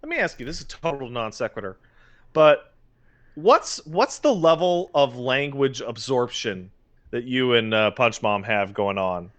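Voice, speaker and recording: A man's voice: medium pitch, sing-song, unhurried, a bit bright. Male podcast co-host, blunt and profane, mid-range voice, casual banter. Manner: blunt, heavy swearing, exasperated. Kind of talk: casual chat.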